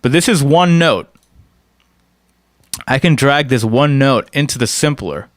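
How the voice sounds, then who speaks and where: A man's voice: medium pitch, animated, a little slow, no room sound, clean studio sound. A man giving a casual screen-recorded music production tutorial. He explains step by step and often checks in with "right?".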